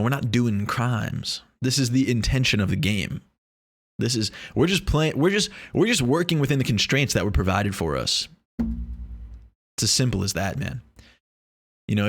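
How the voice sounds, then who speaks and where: A man vlogging in a casual, rambling way, joking and swearing as he talks to the camera. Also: mid-range voice. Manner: rambling, joking, profane, many restarts.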